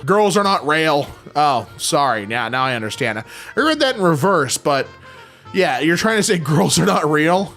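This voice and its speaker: Young dude doing goofy post reactions, voice jumps all over, a little music in the back. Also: male voice, on the high side. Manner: animated, jokey, mock-confused readings. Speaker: reaction commentator. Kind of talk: reading posts aloud and reacting.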